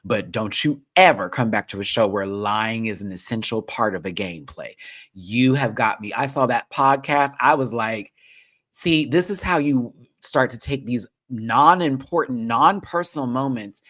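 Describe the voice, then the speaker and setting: A man hosting a reality TV recap show, ranting in a sassy, animated way and swearing freely. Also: medium pitch, normal speed.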